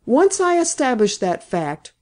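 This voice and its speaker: A woman voicing a meek, measured detective. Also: sits high, big pitch swings, a little mellow, voice pushed up. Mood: severe. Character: meek, mild-mannered male detective, quietly sharp. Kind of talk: audiobook character voice.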